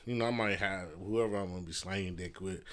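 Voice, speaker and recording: A man's voice: low voice, steady tone, fast, fairly bright tone. A man hosting a casual solo podcast from a messy room at home, rambling loosely with fillers and swearing. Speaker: podcast host. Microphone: podcast mic.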